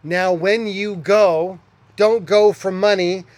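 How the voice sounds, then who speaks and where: A man playing a stern archangel in a sermon retelling, speaking low, quiet and commanding. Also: fairly even intonation, slow pace, dry recording. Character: stern archangel with drawn sword, male.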